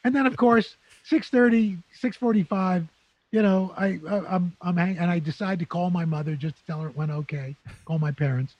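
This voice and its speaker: An older man from New City, a guest telling lively anecdotes in an interview. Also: high-pitched, moderate pace, no room sound, highs cut off. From New York City. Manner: animated anecdotes with playful character voices. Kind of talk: storytelling interview.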